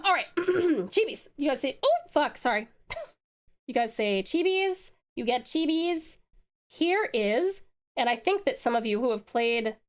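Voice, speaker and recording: A woman from Tasmania chatting casually with her viewers on a livestream while she draws, rambling and talking straight to the chat. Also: a little high. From Tasmania, Australia. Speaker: livestreamer and artist.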